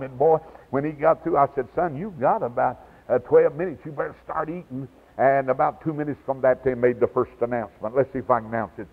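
An older man, preaching a revival sermon. He tells his story with feeling, dropping to a hush and then rising to a shout. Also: medium pitch, fairly quick, slightly rough. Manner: storytelling preacher, swings from hushed to hollering. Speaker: evangelist. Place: church sanctuary. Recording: tinny lo-fi 1990s church tape.

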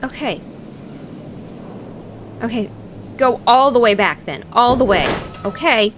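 A woman's voice: a little high, animated, slow, background noise. A young woman streamer chatting casually to her viewers while playing a game, often flustered and panicky. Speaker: gaming streamer. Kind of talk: casual gameplay commentary.

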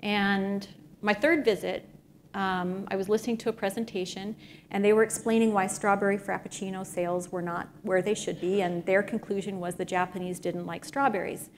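A middle-aged woman giving an energetic talk to an audience, telling stories with frequent fillers. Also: medium pitch, moderate pace, a little hiss or hum. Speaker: speaker at a business event.

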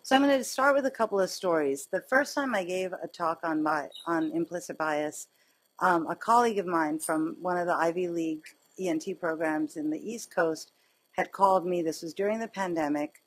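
A woman surgeon gives a grand rounds lecture, slipping into lively personal stories as she talks. Her voice sits on the lower side and has a husky edge. She keeps it conversational throughout. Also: normal speed, low-quality recording. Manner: conversational, animated storytelling with laughs. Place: lecture hall.

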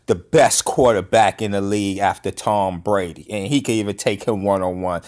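A man hosting a reaction video, talking along to football highlights with slangy, excited exclamations and frequent laughter. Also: normal speed, few pauses. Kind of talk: excited sports reaction commentary.

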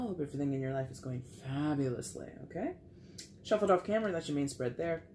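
A woman with a notably low voice gives a casual tarot reading, speaking directly to her viewers in a chatty way. She murmurs half to herself as she lays out the cards. A steady hiss of background noise runs under the recording. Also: fast talker. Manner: chatty, talks straight to viewers, mutters while flipping cards. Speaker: tarot reader.

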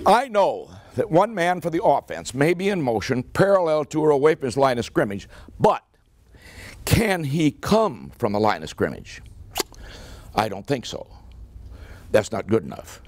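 A man's voice: medium pitch, sing-song, measured pace, long pauses, a little mellow. An older American man giving a humorous after-dinner speech, telling a football story in a folksy, punchy way and acting out the dialogue. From United States. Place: club meeting hall.

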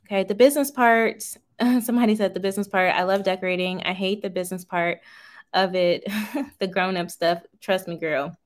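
A woman's voice: medium pitch, fairly even intonation, fairly quick. A woman in her thirties chatting casually on a livestream, answering viewer comments in a folksy, talkative way. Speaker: livestream host, small business owner.

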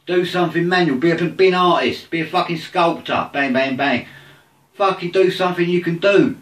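A man's voice: sits high, fairly even intonation, fairly quick, roomy sound, far from the mic. A man ranting angrily about his football team, swearing constantly. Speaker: football fan. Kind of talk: angry rant to camera.

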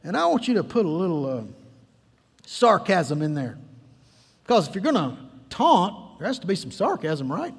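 High-voiced man preaching in a reverberant hall. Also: big pitch swings, moderate pace, pauses often, slightly rough. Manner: playful, coaxing the congregation, emphatic storytelling. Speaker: pastor. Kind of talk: sermon. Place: church sanctuary. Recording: long reverb of a church hall.

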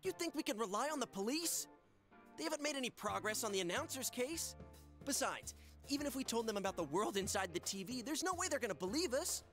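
A man's voice: extremely high pitch, very animated, quick pace, a bit bright, soft background music, full character voice. A man voicing an earnest, determined teenage boy grieving a friend in a video game. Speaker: game character.

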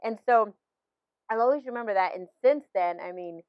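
A woman's voice: mid-range voice, normal speed, no room sound, muffled recording. A woman in her fifties, a pastor, sharing a personal faith story in conversation with many restarts and laughs.

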